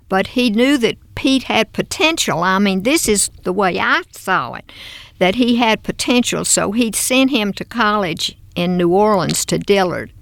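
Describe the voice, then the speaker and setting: An older woman with a Southern US accent, a guest recalling her past in an unhurried, storytelling way. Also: medium pitch, creaky, fairly bright tone, no echo. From American South. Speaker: interview guest. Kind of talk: reminiscing in conversation.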